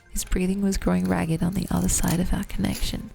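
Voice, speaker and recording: Woman reading a romance story, really gravelly fry, monotone delivery, faint music behind. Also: moderate pace. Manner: even, low-key first-person narration. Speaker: reader. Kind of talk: reading romance fiction aloud.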